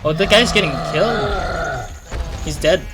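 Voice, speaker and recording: A young man casually commenting on his game, excitable and rambling, with many fillers. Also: high voice, measured pace. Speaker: gaming channel host. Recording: noisy home recording with game audio behind.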